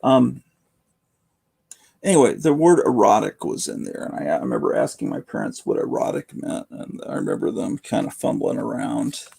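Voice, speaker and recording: A hoarse man in his fifties hosting a rambling, casual late-night livestream from home, keeping his voice down. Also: on the low side, wildly swooping pitch, moderate pace, warm tone. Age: 50s. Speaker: livestream host.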